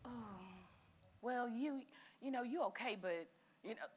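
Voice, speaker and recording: A woman leading a church group session, speaking in an animated, encouraging and direct way. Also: on the high side, a little slow, slight background noise. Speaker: session leader. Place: church meeting room.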